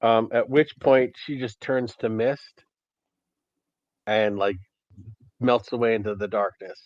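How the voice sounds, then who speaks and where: A man's voice: on the low side, steady tone, no echo. Hesitant male game master, dull dry sound. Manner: halting narration with many ums. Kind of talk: running a tabletop horror game.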